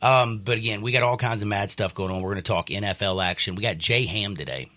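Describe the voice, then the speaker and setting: A male sports radio host, congested from sinus trouble, talking in a rambling, animated, jokey way. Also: fairly low pitch, fast. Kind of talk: sports talk radio chat.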